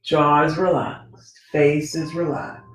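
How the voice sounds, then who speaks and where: A woman teaching a gentle yoga class, talking the students through each pose in a relaxed, conversational way and often checking in with "right?". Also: deep voice, slow. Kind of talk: guided yoga instruction. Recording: very echoey room with faint music.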